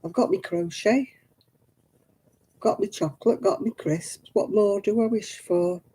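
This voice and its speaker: Middle-aged British woman hosting a homely stream, friendly chatter to viewers, soft husky voice. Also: mid-range voice, unhurried. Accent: British English. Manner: chatty, greeting viewers by name. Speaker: livestream host. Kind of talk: casual live-stream chat.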